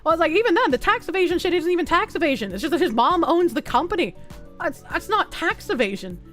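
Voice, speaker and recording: A high-pitched woman with a thick Boston accent chats loosely with her viewers and swears freely. Faint music runs quietly under her voice. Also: sing-song. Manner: loose, profane, quick to laugh. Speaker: streamer. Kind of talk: casual chat reading viewer comments.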